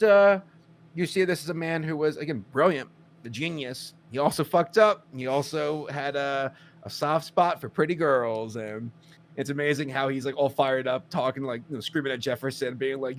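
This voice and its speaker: A man co-hosting a casual podcast chat, telling stories with lively acted-out quotes and frequent swearing. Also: a little high, normal speed. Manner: animated storyteller, acts out quotes, swears. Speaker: podcast co-host.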